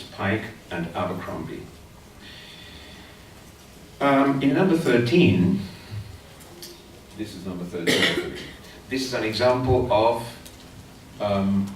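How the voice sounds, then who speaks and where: A middle-aged man with a Chilean accent lectures, his lowish voice picked up from a distance. The hall rings with a heavy echo, with faint room noise underneath. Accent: Chilean Spanish. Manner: explanatory, chatty with asides, taps out beats aloud. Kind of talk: academic conference talk. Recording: echoey hall from far off.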